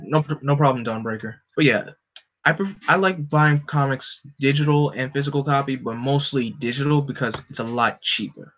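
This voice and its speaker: A man's voice: mid-range voice, fairly bright tone. A man chatting casually and rambling, with many restarts, while hosting a comic live read. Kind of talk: casual chat. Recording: dull lo-fi recording.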